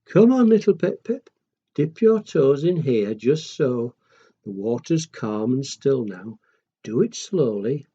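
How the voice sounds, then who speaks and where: A man doing a gentle mother penguin. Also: mid-range voice, very animated, slow, husky, heavily acted. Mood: coaxing. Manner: soothing and encouraging. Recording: dull lo-fi recording.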